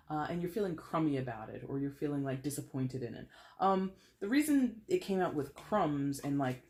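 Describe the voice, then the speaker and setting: Casting: woman in her thirties, tarot reader, chatty, playful, laughs a lot. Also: low voice. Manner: chatty, animated, laughs and plays with voices. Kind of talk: casual tarot reading to camera.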